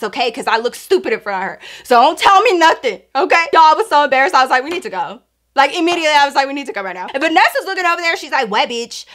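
High-voiced young woman telling a storytime. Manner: animated, slangy and profane, talks straight to listeners. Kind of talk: casual storytime.

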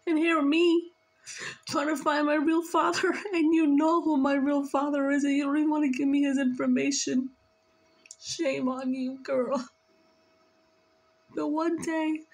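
A woman's voice: high-pitched, level tone, measured pace, pauses often, poor audio. A tearful woman giving an emotional spiritual reading, talking in an earnest, scolding and pleading way. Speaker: spiritual reader.

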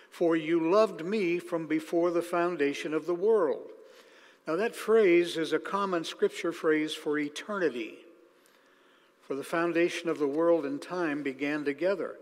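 Male preacher, fairly high voice, deliberate and emphatic, long reverb of a big hall. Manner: emphatic, slows down to stress key phrases. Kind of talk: sermon.

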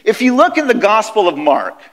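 In an echoey university chapel, a high-voiced American man serving as a guest speaker delivers a fairly quick sermon. His style is animated and conversational, full of storytelling.

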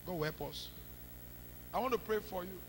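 A Nigerian man leading a church service as pastor, chanting and shouting prayer commands. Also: sits high, normal speed, breathy edge. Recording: long church reverb, faint ambience.

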